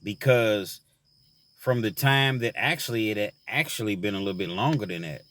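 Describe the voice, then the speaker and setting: A man's voice: on the low side, moderate pace, a bit bright, dry recording. A man telling a personal story about his time in prison, earnest and reflective, full of "you know" fillers, then turning to advice for young men.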